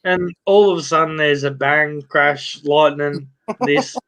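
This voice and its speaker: A man's voice: fairly high pitch, a little slow, a bit bright, smooth, low-quality recording. A man hosting a live stream, telling a crude joke in a rambling way, with a lot of swearing and restarts. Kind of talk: casual chat, telling a joke.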